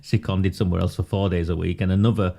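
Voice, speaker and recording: A man talks straight to his live viewers in a low-pitched voice. His delivery is sarcastic and mocking, and it keeps slipping into laughter. The tone is mellow and warm rather than bright. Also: little pitch movement, fast talker, vocal fry. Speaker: livestream commentator on local politics. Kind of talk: casual live commentary.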